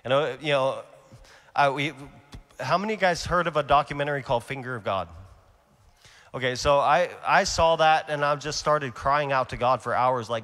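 Animated preacher in a reverberant hall. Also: male voice, medium pitch, moderate pace. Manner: earnest, animated storytelling with sudden shifts between loud and hushed. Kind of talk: conference sermon testimony. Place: large conference hall.

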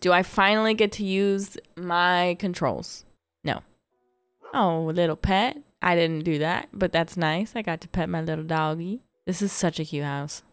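A woman's voice: on the low side, unhurried, dry recording, soft background music. A young woman hosting a cozy gaming channel, chatting bubbly and gushing as she plays. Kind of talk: casual let's play commentary.

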